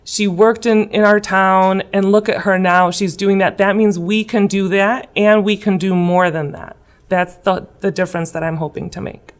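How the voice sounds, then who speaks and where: A woman's voice: medium pitch, steady tone, moderate pace. A woman in her thirties, from Illinois, answering interview questions in an earnest, emotional way with many fillers. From West Chicago, Illinois. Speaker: guest, political candidate. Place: school room.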